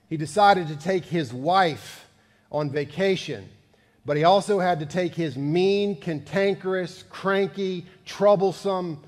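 A man's voice: sits high, darkish tone. A man from Georgia, preaching a sermon in a folksy storytelling manner that builds to emphatic peaks. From Georgia, USA. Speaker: pastor. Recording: long church reverb.

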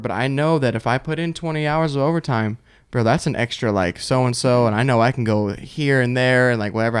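A man's voice: mid-range voice, clear, resonant tone. A man hosting a casual podcast chat, easygoing and agreeable, swearing now and then. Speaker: podcast host.

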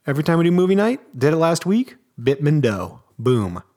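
A man's voice: a little high, a little fast. A man co-hosting a podcast in casual chat, telling stories with enthusiasm and joking around. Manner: animated storyteller, enthusiastic, jokey. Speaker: podcast co-host.

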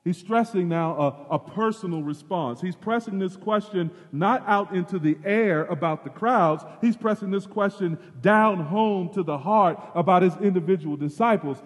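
A man preaching a sermon as pastor, moving between loud emphasis and hushed, drawn-out phrases. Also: sits high, in a large hall.

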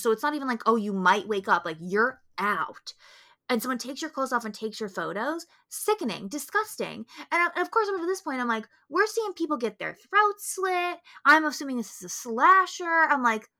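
Animated, bright-voiced woman ranting. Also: sits high, moderate pace. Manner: emphatic, profane ranting. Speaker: podcast co-host. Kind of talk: casual film review chat.

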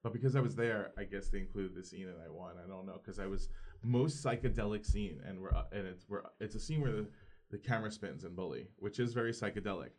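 Animated man telling loose stories. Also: on the low side, fast. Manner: animated anecdotes, acts out quotes; loose, rambling with fillers. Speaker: podcast guest, actor. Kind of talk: casual storytelling chat.

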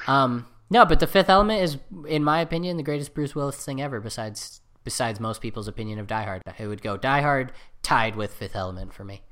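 A man co-hosting a casual chat, excitable and rambling, cracking jokes as he goes. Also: medium pitch, fairly quick, hardly any pauses. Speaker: podcast co-host. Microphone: computer setup with camera.

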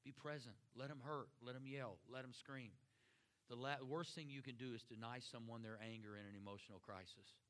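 A middle-aged pastor speaking in an earnest, conversational sermon style, often easing into soft, slow words and prayer. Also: male voice, medium pitch.

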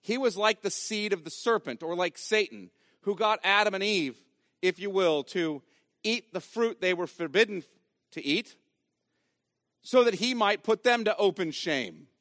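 A man's voice: high-pitched, lively intonation, measured pace, fairly bright tone, no room sound, clean studio sound. A man preaching a sermon as pastor, emphatic and repeating key phrases for weight.

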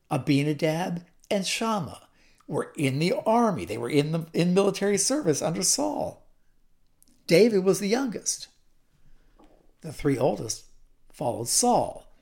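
Lively woman retelling a Bible story. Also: fairly low pitch. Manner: chatty asides, repeats words. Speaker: Bible teacher.

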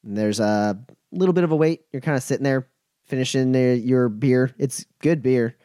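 Relaxed man running a tabletop game. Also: medium pitch, normal speed, smooth, no echo, clean studio sound. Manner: relaxed, full of fillers. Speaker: game master.

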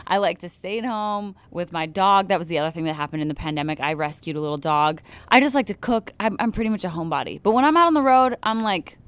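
A young woman, a touring country singer chatting in a casual interview, bubbly and quick to laugh. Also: lowish voice, lively intonation, fairly bright tone, clean tone, dry recording.

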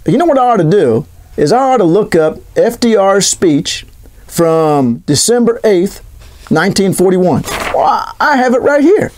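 High-voiced sarcastic male commentator. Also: moderate pace. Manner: sarcastic, animated, rhetorical questions. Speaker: political commentator. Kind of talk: political commentary monologue.

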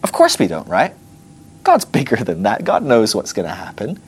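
A man teaching a Bible class in a playful, animated way, acting out little scenes with humor. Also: lowish voice, normal speed, breathy edge.

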